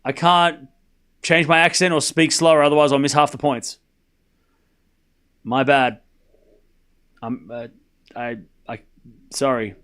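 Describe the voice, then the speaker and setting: A man calling a tennis match live for his stream viewers, giving quick play-by-play and chatting with viewers and his pet dog between points. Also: mid-range voice, steady tone, a bit bright, clean tone.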